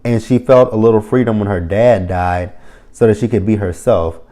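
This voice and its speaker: Give me a man recapping reality TV in a loose, unscripted way. His voice sits a little low and sounds dark and mellow, and he swears bluntly between filler words. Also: fairly even intonation, normal speed. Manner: blunt, heavily profane, full of fillers. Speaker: reality TV reviewer. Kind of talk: casual opinionated commentary. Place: lives near the area the show covers.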